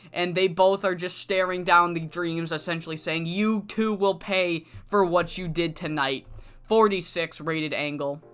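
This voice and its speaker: A woman hosting a video series, casually recapping her wrestling management game save with a lively, swearing manner. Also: medium pitch, clear, resonant tone.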